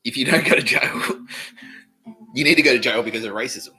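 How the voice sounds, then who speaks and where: A man's voice: mid-range voice, brisk, pushed and bright, soft background music, low-quality recording. An Australian man hosting a podcast, telling a rambling, profane comic story and laughing between phrases. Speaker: podcast host.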